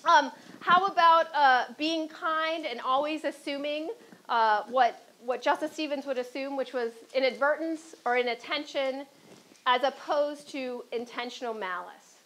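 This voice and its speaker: A woman's voice: high-pitched, measured pace, pushed and bright, low-quality recording. A woman from Chicago with a Chicago accent, speaking on a panel as a former court clerk and telling stories, often checking in with "right?". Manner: anecdotal, often adds "right?".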